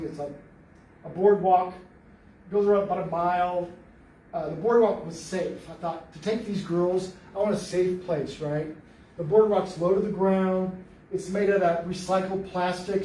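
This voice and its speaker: Faint noise and the echo of a roomy library meeting hall surround a distant recording of a high-voiced man. He's a Bigfoot researcher giving a talk, spinning an animated, jokey story and acting out what people said.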